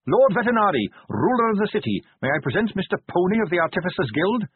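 A man's voice: sits high, very animated, quick pace, breathy edge, dry recording, voice pushed up, heavily acted. A man voicing an earnest, polite young male watch captain who speaks eagerly and helpfully. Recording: tinny phone-like band.

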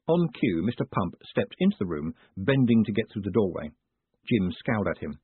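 A man narrating an audiobook with lively, dramatic storytelling. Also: lowish voice, fairly quick, breathy edge, dry recording. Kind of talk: scripted narration. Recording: phone-like dry audiobook sound.

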